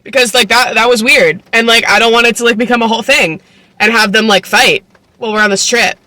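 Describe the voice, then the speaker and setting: A woman's voice: on the high side, steady tone, a little fast, bright, forceful tone, dry recording. A woman in her twenties recapping a book casually, chatty and incredulous, full of fillers and swearing. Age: 20s. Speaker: book vlogger.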